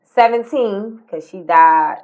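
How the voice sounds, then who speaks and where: A woman, co-hosting a podcast, telling a personal story in casual talk, by turns animated and tearful, dropping to near-whispers. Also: medium pitch, takes it slowly, highs cut off. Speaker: podcast co-host.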